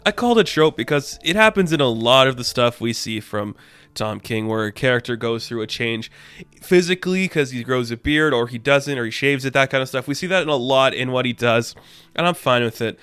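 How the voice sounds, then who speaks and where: Male comic reviewer, mid-pitched, smooth clean voice, talks loose and excitable, quiet music under him. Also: brisk, no room sound. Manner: excitable, slangy, peppers talk with "man" and "crazy". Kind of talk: casual review monologue.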